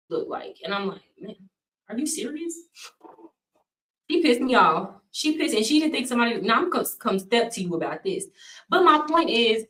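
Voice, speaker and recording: A woman's voice: a little high, fairly bright tone, distant mic. Blunt, slangy American woman in an echoey room. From United States. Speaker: vlogger. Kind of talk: casual storytelling rant. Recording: echoey room, voice a bit off-mic.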